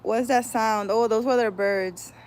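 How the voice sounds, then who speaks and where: A woman's voice: on the high side, fairly even intonation, measured pace, darkish tone, a little hiss or hum. A woman hosting a casual livestream outdoors, greeting viewers by name and chatting loosely as she reads their comments. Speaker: livestream host and spiritual healer.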